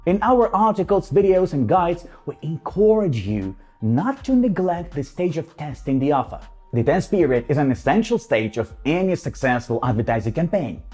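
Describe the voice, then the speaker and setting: A man narrating a promotional explainer with a slightly raised pitch and a mellow, warm tone. His delivery swings up and down with emphatic energy, and light music plays underneath. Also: sing-song, moderate pace. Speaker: voice-over narrator for an ad network.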